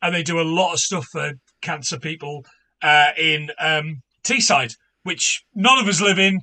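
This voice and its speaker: A man's voice: on the high side, moderate pace, bright, forceful tone. A man, a guest podcaster, making an earnest, sweary charity appeal full of fillers. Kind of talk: casual chat, charity appeal.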